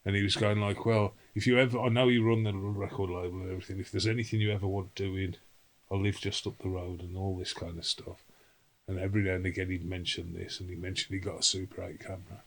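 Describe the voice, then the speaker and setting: Older bloke, deep voice, a guest spinning long salty anecdotes. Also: male voice, level tone, fast, rough recording. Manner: rambling storyteller, salty swearing, acts out quotes. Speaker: interview guest, singer. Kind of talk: casual anecdotal interview.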